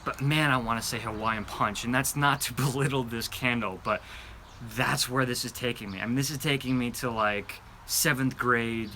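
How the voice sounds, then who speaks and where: A man hosting a live candle show-and-tell, chatting in a loose, rambling way full of fillers and restarts. His voice is bright and forward, sitting at an ordinary pitch. He sounds eager as he describes each scent. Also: moderate pace, slight background noise. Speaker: candle review channel host.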